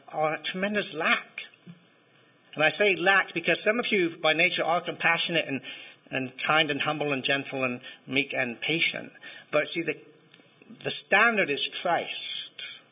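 Male pastor, conversational sermon delivery, very bright tone with a breathy edge. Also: a little high, measured pace, poor audio. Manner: conversational, asks the congregation to respond.

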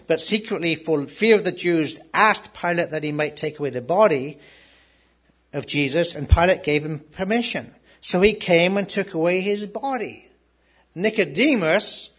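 A man's voice: high voice, breathy edge. A man preaching a sermon, reading scripture aloud and then talking it over, repeating words as he goes. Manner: swings from loud reading to soft asides, repeats words.

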